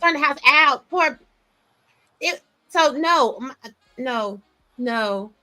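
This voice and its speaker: A woman's voice: high-pitched, animated, takes it slowly, sharp tone, dry recording. A woman telling a sassy, emphatic story in a casual podcast chat, often stressing points with "okay.".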